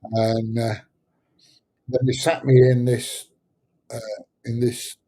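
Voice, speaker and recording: A man's voice: medium pitch, level tone, takes it slowly, mellow, rough recording. A middle-aged man, hosting a casual livestream chat, rambling and hesitant with lots of fillers. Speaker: livestream host answering chat.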